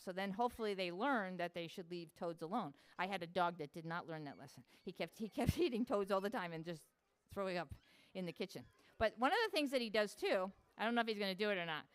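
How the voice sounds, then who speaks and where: A woman animal educator hosts a live show for children, playful and full of questions for the young audience. Her voice sits a little high and comes through smooth and clear, with a dry sound. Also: no room sound. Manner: playful, asks the kids lots of questions. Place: live show in a public hall.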